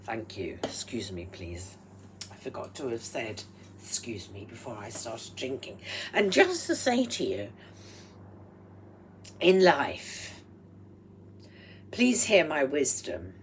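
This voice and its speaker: A woman with a low, throaty and strained voice talks into a microphone at home. She speaks slowly and deliberately, with slightly proper phrasing, and often sinks into breathy whispered asides. A faint hum sits under her voice. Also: big pitch swings. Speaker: vlogger. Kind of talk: rambling personal vlog monologue. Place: at home while cooking.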